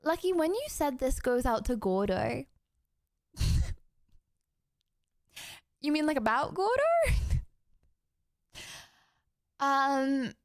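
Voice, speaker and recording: A woman's voice: high voice, expressive, takes it slowly, long pauses, no room sound. A young woman from Texas streaming live, chatting with her viewers in a giggly, casual way, with music playing behind her. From Houston, Texas. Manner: giggly, chatty, talks to chat. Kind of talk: casual livestream chat. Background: background music.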